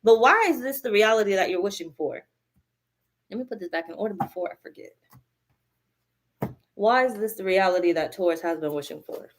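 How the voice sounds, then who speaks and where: A woman's voice: mid-range voice, animated, a little fast, long pauses, a little hiss or hum. A woman giving a live tarot reading, blunt and profane, hammering her points by repeating them. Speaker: tarot reader.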